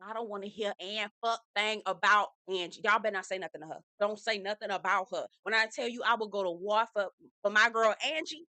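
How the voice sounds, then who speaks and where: Sassy woman with a bright, dry voice. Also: medium pitch, a little fast, no echo. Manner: sassy, animated, says "girl" often. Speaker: reality TV recap host. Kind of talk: casual recap commentary.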